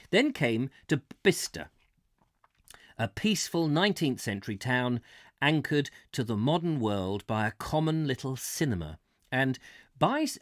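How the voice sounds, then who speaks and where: A man's voice: on the high side, fairly bright tone, no echo, clean studio sound. A man hosting a live book reading, playful and jokey, stopping to greet viewers and chat between passages. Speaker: host reading a book aloud on a livestream.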